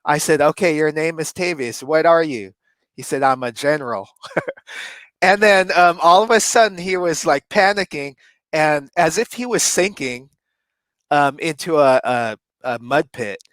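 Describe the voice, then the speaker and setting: Animated man telling a story, fairly high voice. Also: unhurried, dry recording. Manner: animated, laughs often while telling. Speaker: co-host. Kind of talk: casual storytelling chat.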